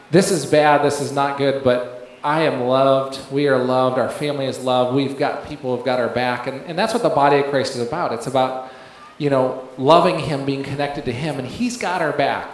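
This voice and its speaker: A man's voice: mid-range voice, normal speed. A man giving a rambling testimony in a sermon, with many fillers and restarts, often laughing as he tells it. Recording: very echoey room, faint background noise.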